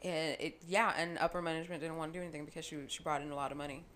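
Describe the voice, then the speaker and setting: Profane, storytelling woman with low voice. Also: steady tone, very fast, fairly bright tone. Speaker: podcast co-host. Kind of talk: casual chat, storytelling.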